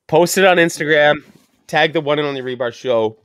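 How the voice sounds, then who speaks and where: A man's voice: a little high, a little fast, fairly bright tone, smooth, no echo, clean studio sound. A young adult man hosting a casual cigar podcast, rambling and joking crudely as he tells stories. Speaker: podcast host.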